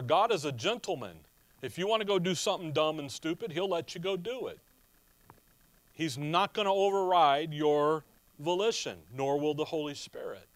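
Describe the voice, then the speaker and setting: A man with a high voice delivers a teaching sermon in a casual, conversational way. He often pauses to ask the congregation rhetorical questions. The recording is dry and close, with no room echo. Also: a bit bright. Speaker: pastor. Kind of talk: expository sermon.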